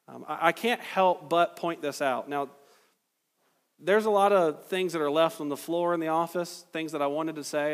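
A man's voice: on the high side, long reverb tail. A man preaching a sermon as pastor, talking in a loose conversational way with sarcastic asides.

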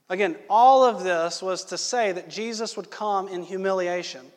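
A young man preaching a sermon, conversational and quick to ask the congregation questions. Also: sits high. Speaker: pastor. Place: church hall. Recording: echoey church hall.

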